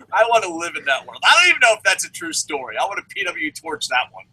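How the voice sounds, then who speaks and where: A man's voice: fairly high pitch, very animated, fast, bright, forceful tone, husky, rough recording. A man co-hosting a wrestling review show in casual chat, swearing often, rambling and laughing as he goes.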